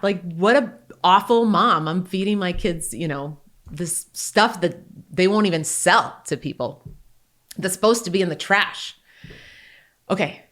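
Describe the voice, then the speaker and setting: A woman in her forties telling personal stories in a casual, animated way as a podcast guest. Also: lowish voice. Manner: animated, grows excited then softens. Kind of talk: casual conversational storytelling.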